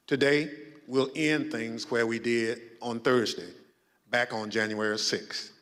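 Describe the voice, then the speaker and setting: A man chairing a congressional hearing, speaking in a measured, formal way. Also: medium pitch, big-room sound. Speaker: committee chairman.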